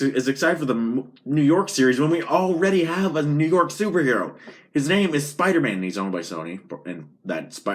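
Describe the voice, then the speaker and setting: A man with a fairly low voice rambles through a casual vlog, stopping and restarting his sentences as he goes. A steady hiss of background noise runs under his talk. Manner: rambling, halting, with frequent restarts and fillers. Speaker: vlogger.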